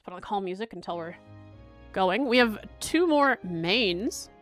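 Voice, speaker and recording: Woman, young adult, livestreamer, casual chat, thinks aloud, restarts a lot, mid-pitched voice. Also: lively intonation, soft background music. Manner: thinks aloud, chatty, halting with repeated restarts. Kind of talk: casual livestream chat while playing a quiz.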